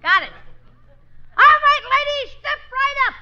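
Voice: very high voice, animated, measured pace, sharp tone, roomy sound, exaggerated voice. An actor playing a wisecracking smart-aleck boy in a 1940s radio comedy, firing off sassy insults. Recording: dull old radio broadcast with live audience.

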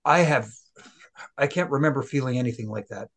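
A man's voice: mid-range voice, a little fast. Easygoing man telling anecdotes. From Toronto, Canada. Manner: relaxed anecdotes, laughs easily, polite. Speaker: retired referee, podcast co-host. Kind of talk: casual chat.

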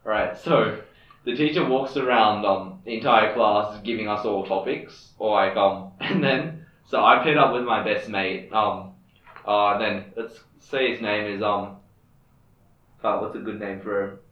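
Teen boy, low-ish voice, joking storyteller; distant from the mic in an echoey room. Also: a little slow, lo-fi sound. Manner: joking, full of "um" and restarts. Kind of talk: casual chat.

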